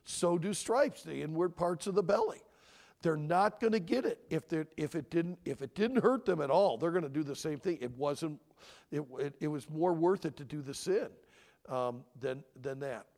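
A man's voice: fairly high pitch, moderate pace. Emotional male speaker in a reverberant hall. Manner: emotional, swings between loud emphasis and hushed near-whisper. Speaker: conference speaker on parenting. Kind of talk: preaching-style talk.

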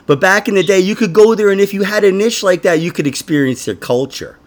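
A man's voice: sits high, fast talker. A man hosting a comedy podcast, joking crudely, swearing freely and laughing often.

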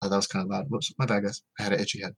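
Co-hosting a laid-back podcast from home, a man with a lowish, slightly rough voice races along in a level tone. He rambles through stories, restarting sentences and laughing as he goes.

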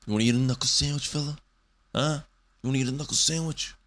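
A man's voice: mid-range voice, steady tone, quick pace, a bit bright, voice pushed up, close to an everyday voice. A man putting on the voice of an old-fashioned tough-guy bully, blustering and taunting.

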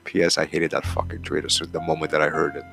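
With music playing behind him, a man with a very deep voice and vocal fry reads a column aloud on his hockey talk show, speaking fast with a completely flat delivery. As host, he rants casually in a profane, heated, rambling way.

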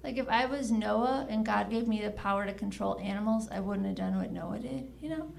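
A woman performing a stand-up comedy set, telling deadpan jokes and giggling at her own lines, with silly voices for characters. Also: medium pitch, fairly quick, vocal fry. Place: comedy club with a live audience. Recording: loud audience and room noise.

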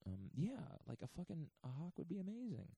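A man hosting a podcast, talking in a hushed, half-whispered ramble full of swearing and chuckles. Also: on the high side, wildly swooping pitch, brisk, creaky, breathy edge, dry recording. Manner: profane, digressive, chuckling. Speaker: podcast host. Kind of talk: rambling comic monologue. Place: renovated church getaway, indoors.

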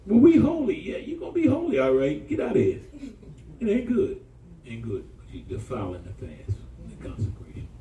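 A male pastor preaching a sermon, telling stories in a colloquial, animated way and calling out to the congregation. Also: a little high, brisk, few pauses, a little hiss or hum. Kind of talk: sermon storytelling. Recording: echoey room from far off.

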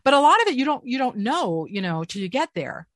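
A middle-aged woman, a voice actress, telling stories in a casual interview with an animated, swinging delivery. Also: brisk, no room sound, clean studio sound. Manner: animated storyteller with lively swings in pitch. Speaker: voice actress, guest.

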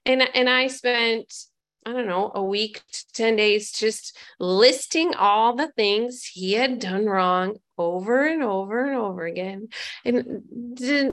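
A woman's voice: on the high side, a bit bright. Candid woman sharing her recovery story. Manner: candid and self-mocking; conversational, asks the audience questions. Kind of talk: personal recovery testimony.

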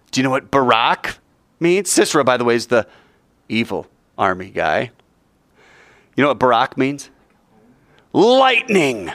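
A man teaching a Bible lesson as animated storytelling, joking, vivid and talking straight to his listeners in a hot indoor room. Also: medium pitch, dry recording.

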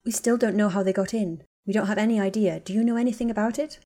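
A woman's voice: mid-range voice, steady tone, fast, mellow, close to an everyday voice. A woman reading the lines of an anxious, determined young witch in a storybook, earnest and questioning.

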